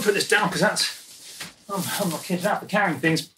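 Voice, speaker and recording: A music producer hosts a casual unboxing vlog at home, excitable and jokey, rambling while handling things. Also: medium pitch, fairly quick. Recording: echoey room, distant mic, noisy.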